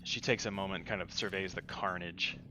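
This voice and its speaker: A man's voice: low voice, fairly even intonation, a little fast, music in the background. A man narrating as game master in a tabletop game, describing scenes unhurriedly with frequent fillers.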